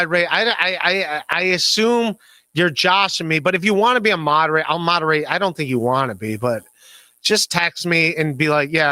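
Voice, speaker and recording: A man runs a loose podcast livestream, rambling, laughing at himself and tripping over repeated words as he reads chat. His voice is bright and slightly high. The sound is dry and close, with no room in it. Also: no echo. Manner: rambling, self-deprecating, laughs often, stammers. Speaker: podcast host. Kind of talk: casual livestream chat, reading chat messages.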